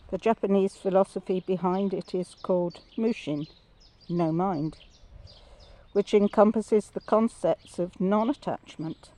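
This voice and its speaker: A speaker giving a gentle, measured spoken devotional reflection about faith and brokenness. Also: mid-range voice.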